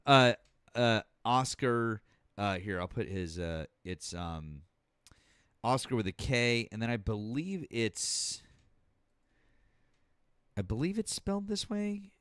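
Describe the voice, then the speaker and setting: A man hosting a politics live stream in casual chat, halting with many fillers and restarts and swearing freely. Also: medium pitch, expressive, fairly bright tone, clear, resonant tone, no echo, clean studio sound.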